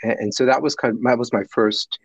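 Animated middle-aged man telling a story. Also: medium pitch, a little fast, husky, no room sound. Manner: animated, acts out voices in his stories. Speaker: guest. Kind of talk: storytelling in a conversation.

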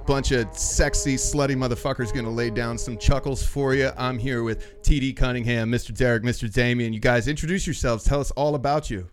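A man hosting a loose podcast, swearing freely and joking crudely with his guests. His voice sits at an ordinary middle pitch. Music plays clearly beneath him. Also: fairly even intonation, a little fast, hardly any pauses. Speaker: podcast host. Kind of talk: casual podcast banter.

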